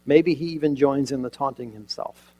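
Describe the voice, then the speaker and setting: In a roughly recorded sermon, a man retells a scene with drama, posing rhetorical questions and shifting abruptly from loud emphasis to near silence. He speaks at a moderate pace in a mid-range voice.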